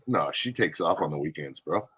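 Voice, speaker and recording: A man's voice: extremely low pitch, expressive, moderate pace, fairly bright tone, breathy edge. A man in casual chat, laid-back, swearing and saying dude and bro a lot.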